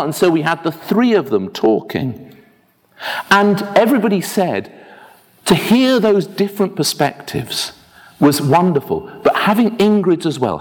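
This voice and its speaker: A man preaching a sermon as a minister, telling anecdotes in a lively, self-deprecating way. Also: on the high side. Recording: long reverb of a church hall.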